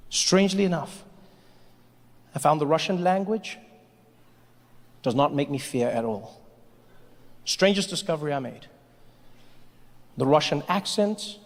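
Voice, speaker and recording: Animated male stand-up comic in a reverberant hall. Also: on the high side. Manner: animated, slips into mock voices and shouted impressions. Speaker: stand-up comedian. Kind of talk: stand-up comedy set. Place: large theater before a live audience. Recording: live hall reverb with light noise.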